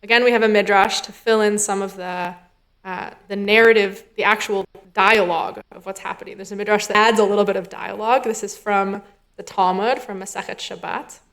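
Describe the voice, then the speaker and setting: A woman's voice: medium pitch, fairly even intonation, fairly quick, a bit bright. Woman rabbinic intern preaching in a chatty, thinking-aloud style; mid-range voice. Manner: conversational, thinking aloud with fillers and quoted dialogue. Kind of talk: sermon. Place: synagogue sanctuary.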